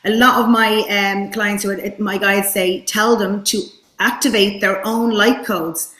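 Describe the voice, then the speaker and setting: A woman host chats eagerly over a video call, often restarting her sentences. Her voice sits at a middling pitch and echoes noticeably around her room. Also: little pitch movement, a little slow, bright, forceful tone. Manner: enthusiastic, with frequent restarts. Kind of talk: casual interview chat.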